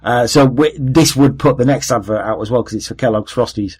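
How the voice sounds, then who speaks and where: A Welsh man chats casually as a podcast host, rambling through his points with plenty of ums and asides. His voice sits at an ordinary middle pitch. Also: a little fast, a little mellow, husky, poor audio. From Wales. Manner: rambling, chatty, lots of fillers. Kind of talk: casual chat.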